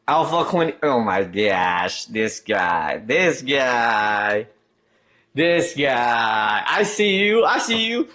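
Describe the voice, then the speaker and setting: Slow-talking male streamer chatting. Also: medium pitch, big pitch swings, bright, forceful tone. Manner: chatty, reads chat aloud, trails off and restarts. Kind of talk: casual live-stream chat.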